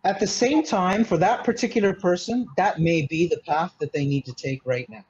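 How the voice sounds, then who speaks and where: A man's voice: sits high, moderate pace, darkish tone, husky, dull audio. A man from Malta, a mindset consultant, explaining earnestly in a casual interview, often restarting and saying "you know". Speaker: mindset consultant, podcast guest.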